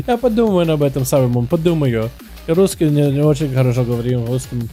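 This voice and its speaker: A man streaming live, chatting with his viewers and commentating game duels in an energetic, hyped way. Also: fairly high pitch, fast, soft background music.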